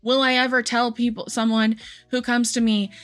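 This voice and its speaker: A woman's voice: a little high, little pitch movement, normal speed, soft background music. A young woman giving heated, frustrated commentary on an online creator's video. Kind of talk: reaction commentary.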